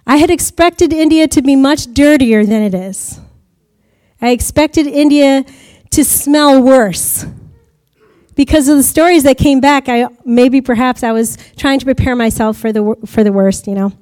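A woman's voice: sits high, unhurried, darkish tone. An American woman giving a chatty testimony to a church congregation about mission work, often laughing as she talks. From United States.

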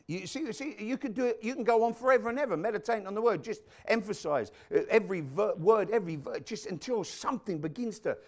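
A man's voice: high voice, fast talker, few pauses. A man preaching a sermon to his congregation, quoting scripture, dropping muttered asides and joking with the people in front of him. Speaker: pastor.

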